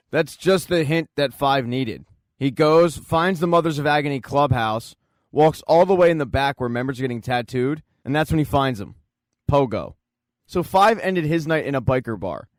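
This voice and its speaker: A man's voice: medium pitch, dry recording, clean studio sound. A man narrating a scripted recap in a wry, jokey storytelling manner. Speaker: recap channel host.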